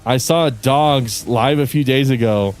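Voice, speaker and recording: A young male streamer in a casual livestream rant, cursing and venting in frustration with bursts of yelling. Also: medium pitch, measured pace, faint music behind. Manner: frustrated, profane ranting with bursts of yelling and laughter.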